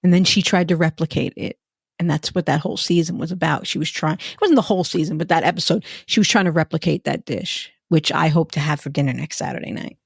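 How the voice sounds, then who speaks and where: Woman co-host, casual animated storyteller, dry booth sound. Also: deep voice, fast talker, creaky, husky, no echo. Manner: chatty, animated storyteller, laughs often. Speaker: podcast co-host. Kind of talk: casual chat.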